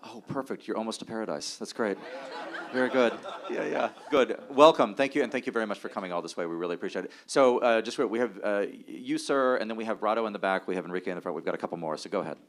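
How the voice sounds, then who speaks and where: A man moderates a policy panel, running the questions from the floor. He talks fast in a very low voice. He keeps things moving briskly and drops dry jokes as he goes. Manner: brisk, joking, directs the audience.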